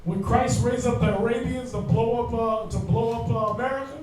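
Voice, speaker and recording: High-voiced man teaching in echoey room. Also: steady tone, fairly quick, darkish tone, recorded from a distance, slight background noise. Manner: slangy, joking, talks straight to the class. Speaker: Bible class teacher. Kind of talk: informal Bible class teaching.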